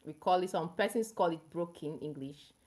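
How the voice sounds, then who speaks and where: A young livestream host with a Nigerian accent talks directly to a viewer, explaining things at length in a casual, chatty, easygoing flow. Her voice sits a little low and is a little mellow, at a moderate pace.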